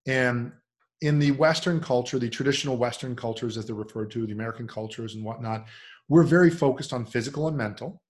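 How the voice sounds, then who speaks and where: A middle-aged man speaking as a podcast guest in a relaxed, reflective conversation, voice lifting into lively impressions when he quotes other people. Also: mid-range voice, fairly quick. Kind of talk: casual conversational interview.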